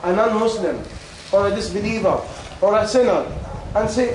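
High-voiced preacher in an echoing hall. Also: male voice, normal speed, long pauses. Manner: questioning, repetitive, coaxing the audience. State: losing his voice. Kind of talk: sermon with call and response. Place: large echoey hall with audience. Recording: very echoey hall, faint noise.

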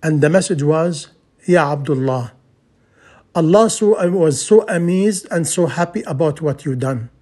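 A man's voice: fairly high pitch, animated, a little slow, warm tone, slightly rough. A man preaching a sermon as a story, earnest and repetitive, in broken English.

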